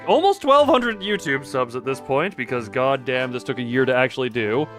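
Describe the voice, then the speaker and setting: A man streaming live, chatting casually while gaming, excitable and rambling with mild swearing and frequent laughs. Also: medium pitch, normal speed, soft background music.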